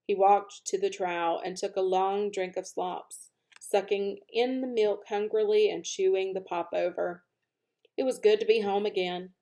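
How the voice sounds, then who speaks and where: A woman reading a children's novel aloud, with expressive, animated narration as the channel's regular reader. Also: medium pitch, a little slow. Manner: expressive, animated narration, speeds up at lively moments. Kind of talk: storybook read-aloud.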